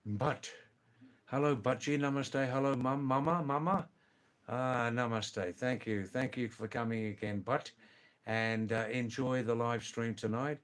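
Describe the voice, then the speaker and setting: A man's voice: medium pitch, fairly even intonation, measured pace, fairly bright tone. A man hosting a live stream, casually chatting with viewers, greeting them by name and repeating exclamations. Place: seated indoors.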